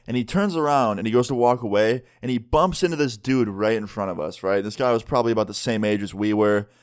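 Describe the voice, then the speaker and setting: A man's voice: lowish voice, fast, smooth. A man in his twenties telling a story on a vlog in a casual way, using lots of fillers. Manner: casual storyteller, heavy use of "like". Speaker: vlogger.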